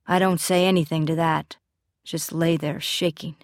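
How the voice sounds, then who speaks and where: A woman giving scripted first-person narration of a story in a measured, steady storytelling delivery. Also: deep voice, dry recording, clean studio sound. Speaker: audiobook narrator.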